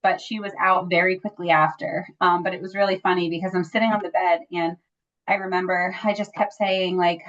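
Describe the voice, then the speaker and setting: Her voice is on the low side and her delivery brisk as she recounts a personal story during a relaxed interview, full of fillers such as "like" and "you know." Quoted dialogue brings out an animated side, heard through slightly dull, lo-fi sound.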